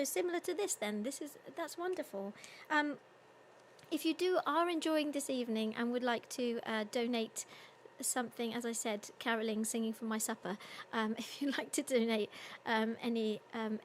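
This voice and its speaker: A woman's voice: on the high side, a little hiss or hum. A young woman, a singer hosting a livestream concert, chatting casually and reading out viewer comments with lots of ums and little laughs. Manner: chatty, giggly, with many ums.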